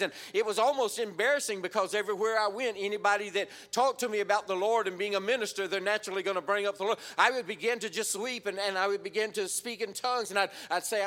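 A man's voice: high-pitched, fast talker, hardly any pauses, a bit bright. An older man preaching a heartfelt testimony, stumbling over repeated words and swelling into fervent cries. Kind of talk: sermon testimony.

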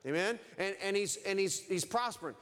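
High-voiced preacher in a reverberant church. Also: male voice, lively intonation, fairly quick, a bit bright, clean tone. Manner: fervent preaching, rising and falling emphasis. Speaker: pastor. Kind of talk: sermon.

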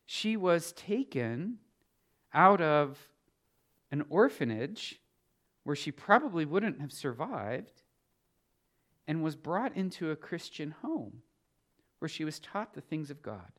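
A middle-aged man preaching a sermon as a pastor, moving from quiet storytelling to loud, emphatic preaching. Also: fairly high pitch, sing-song, takes it slowly, pauses often.

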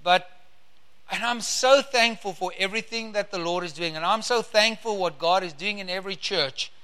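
Fervent bright-voiced preacher. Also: male voice, sits high. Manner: fervent, drawn-out emphasis on key words. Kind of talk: sermon with scripture reading.

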